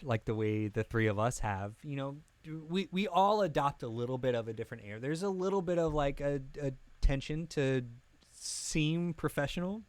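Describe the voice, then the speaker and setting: A man co-hosting a podcast in casual chat, animated, laughing often and talking with lots of filler words into a podcast mic. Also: medium pitch, clear, resonant tone, dry recording. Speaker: podcast co-host. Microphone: podcast mic with pop filter.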